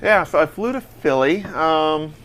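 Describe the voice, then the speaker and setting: A man co-hosting a casual talk show, telling stories in a loose, rambling way. His voice sits a little high for a man, and he fills his sentences with easy fillers. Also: expressive, measured pace, a bit bright. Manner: chatty, rambling with many fillers. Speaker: podcast co-host. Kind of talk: casual chat.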